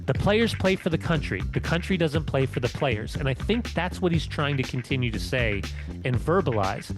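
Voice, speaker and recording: A man's voice: medium pitch, lively intonation, moderate pace, music in the background. A man co-hosting a podcast and chatting casually, telling rambling stories with lots of restarts. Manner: rambling storyteller with many restarts. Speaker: co-host.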